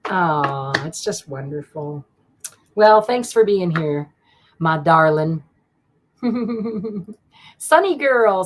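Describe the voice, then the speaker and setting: A woman giving live tarot readings to viewers, affectionate and rambling, often laughing and getting emotional. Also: mid-range voice. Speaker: tarot card reader. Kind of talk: live-stream card reading.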